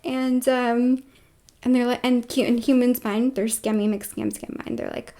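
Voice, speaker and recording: Speaking right to the camera, a high-voiced woman vlogger wanders through a loose monologue stuffed with fillers. Her tone stays steady and her pace moderate, though her volume swings between loud bursts and hushed moments.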